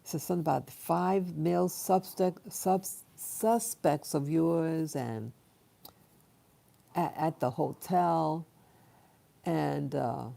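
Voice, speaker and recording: Low gravelly woman vlogging, slow and rambly, lots of ums. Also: mellow. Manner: halting, many fillers and restarts. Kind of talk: rambling personal storytelling.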